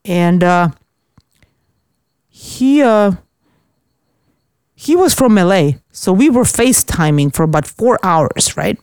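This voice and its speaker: A woman's voice: fairly low pitch, slow pace, long pauses, clear, resonant tone, no echo. Woman, from Austria, casual storyteller, blunt and profane, dry studio sound. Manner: blunt, swears freely, animated storytelling. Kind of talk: casual chat.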